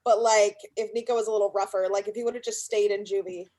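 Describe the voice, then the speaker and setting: A woman's voice: medium pitch, fairly even intonation, fast, heavy background noise. A woman from California doing a brash, profane, self-mocking stand-up set. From Sacramento, California. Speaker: stand-up comedian.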